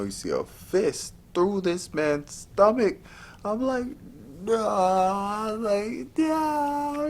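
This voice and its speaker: A man casually reviewing a movie, retelling scenes with animated high-pitched outbursts. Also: slight background noise.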